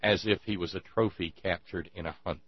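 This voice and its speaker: A man giving an indignant, sarcastic monologue, halting often with fillers as he builds his points. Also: sits low, fairly even intonation, no room sound. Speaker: commentator. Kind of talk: ranting monologue. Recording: dry, dull lo-fi with mains hum.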